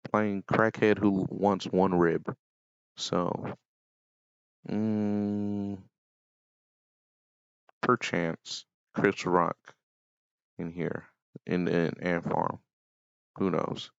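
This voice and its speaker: A young man with a very low, gravelly voice talks slowly and offhandedly in a casual vlog. The sound is dry and close but dull and lo-fi, and he drifts into deadpan asides. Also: no echo. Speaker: YouTuber. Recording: dull lo-fi mic.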